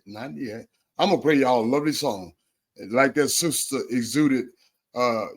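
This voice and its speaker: An effusive man hosting a religious talk show. He praises his callers over and over in a voice of medium pitch. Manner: effusive, repeats praise phrases. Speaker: show host.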